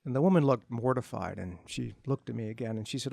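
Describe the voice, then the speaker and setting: A middle-aged man, an author, telling self-deprecating anecdotes to an audience at a bookstore event in a relaxed, humorous way. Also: mid-range voice, fast talker, gravelly, dry recording. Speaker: author speaking at a book event. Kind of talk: humorous storytelling talk to an audience.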